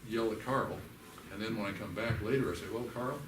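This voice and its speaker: An older man leading a church workshop. He teaches in a folksy, animated way and acts out the voices of the people he quotes. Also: fairly low pitch, fairly quick, noisy background. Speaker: workshop leader. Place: church hall. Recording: echoey hall recorded from a distance.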